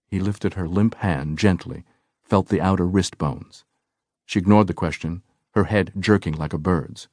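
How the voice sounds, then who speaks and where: A man narrating an audiobook in a measured, even manner. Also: deep voice, dry recording, clean studio sound. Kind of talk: scripted narration.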